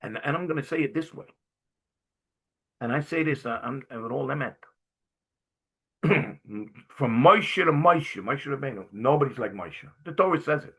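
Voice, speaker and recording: A jovial middle-aged man from Brooklyn speaks to a class as a guest speaker. His voice is husky and bright. He tells his stories with animation and keeps clearing his throat between them. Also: medium pitch, expressive, normal speed, pauses often. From Brooklyn, New York. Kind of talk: storytelling talk to a class.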